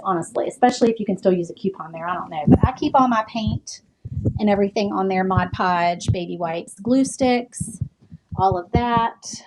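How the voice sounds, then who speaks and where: A woman giving a rambling, chatty live tour of her home craft room, slightly out of breath as she walks around, with lots of ums and likes. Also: medium pitch. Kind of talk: casual live-stream chat. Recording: loud background noise with clicks.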